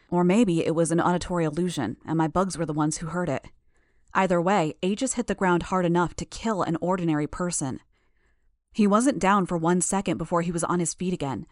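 Woman narrator, lowish voice, dry close mic, steady first-person storytelling. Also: no room sound. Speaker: audiobook narrator.

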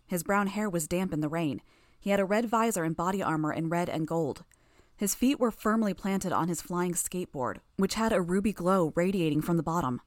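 Low-voiced woman reading fiction. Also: a little fast, dry recording, studio quality. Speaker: audiobook narrator. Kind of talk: first-person fiction narration.

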